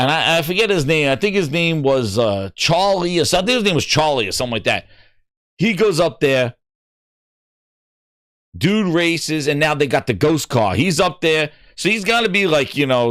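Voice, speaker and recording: Animated, excitable man telling a story. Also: a little high, moderate pace, dry recording, clean studio sound. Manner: excitable, acts out other people's lines. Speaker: gaming podcast host.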